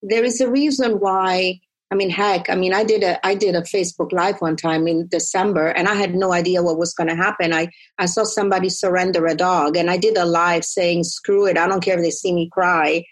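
A woman's voice: on the low side, brisk. A woman in casual conversation, talking animatedly and acting out quotes as she tells stories. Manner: animated storyteller, acts out quotes.

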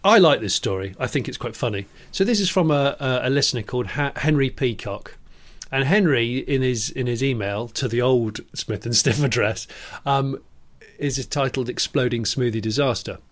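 A man co-hosting a chatty podcast, talking in a dry, self-deprecating way. His voice sits at an ordinary middle pitch, and he often breaks into laughter as he talks. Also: normal speed. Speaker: podcast co-host. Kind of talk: casual chat.

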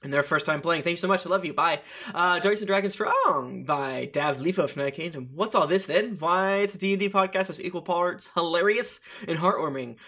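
A man with a bright, forceful voice, set a little high, hosts a casual podcast. He reads listener reviews aloud in a playful, teasing way and slips in jokey asides. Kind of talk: casual chat among tabletop game players.

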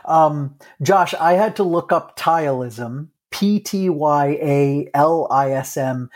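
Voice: mid-range voice, takes it slowly, darkish tone. A podcast co-host in a casual chat, reacting and chiming in with an easygoing manner.

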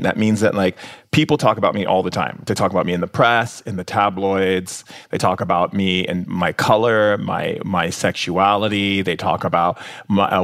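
Effusive low-voiced man being interviewed. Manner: effusive, peppered with "like" and "oh my God". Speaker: guest. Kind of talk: casual conversational interview.

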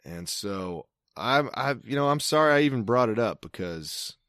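A man's voice: mid-range voice, lively intonation, moderate pace, fairly bright tone, no echo, clean studio sound. A man co-hosting a podcast, talking casually in a rambling, wry way, full of fillers and restarts. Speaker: podcast co-host. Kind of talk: casual chat.

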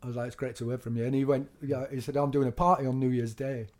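A middle-aged man tells club stories in a relaxed, animated way. His voice sits at a mid pitch. He laughs often and swears freely as he goes. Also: fast. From England. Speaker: DJ guest. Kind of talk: casual storytelling interview.

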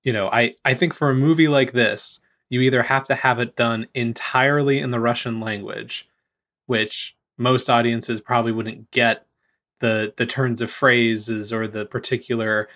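A man's voice: mid-range voice, fairly even intonation, normal speed, a bit bright. A man on a video call who chats casually and enthusiastically in a film discussion. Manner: casual, enthusiastic, self-deprecating. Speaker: podcast panelist.

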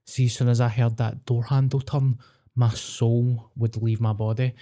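A Glaswegian man in his mid-thirties co-hosts a podcast, chatting in a relaxed, foul-mouthed way at medium pitch and moderate pace. A sweary storyteller, he shares tales about his family and mimics relatives in flat, drawling impressions.

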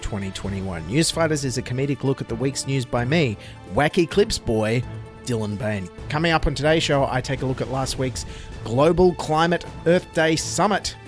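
A man with an Australian accent hosting a satirical news show, delivering sarcastic deadpan jokes. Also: medium pitch, moderate pace, soft background music. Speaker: comedy news host.

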